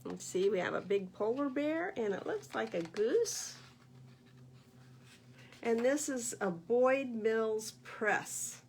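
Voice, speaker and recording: Gravelly-voiced woman reading at storytime. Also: a little high, takes it slowly, slight background noise. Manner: animated, sing-song, talks to little listeners. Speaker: children's librarian. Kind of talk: baby storytime read-aloud.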